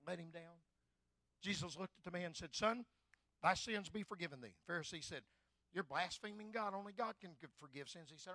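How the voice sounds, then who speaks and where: An older man preaching a sermon, fervent and swelling loud on key phrases. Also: a little high, dry recording. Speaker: pastor.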